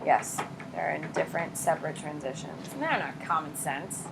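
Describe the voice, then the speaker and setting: A woman teaching a high school psychology class, blunt and lively, acting out examples in quoted voices. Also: normal speed, vocal fry, heavy background noise. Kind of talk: classroom lecture.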